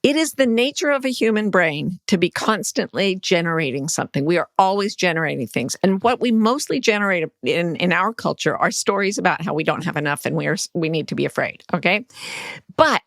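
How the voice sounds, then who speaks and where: Gravelly-voiced woman life coach. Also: fairly low pitch, animated, fairly quick, fairly bright tone, no echo, studio quality. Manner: earnest, explanatory, teacherly. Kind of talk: conversational interview.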